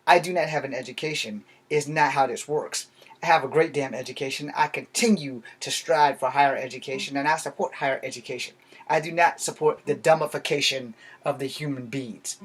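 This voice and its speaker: A man from Virginia talking straight to his viewers in a rambling, profane rant, blunt and heated. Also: mid-range voice. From Virginia, USA. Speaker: vlogger. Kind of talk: casual ranting monologue.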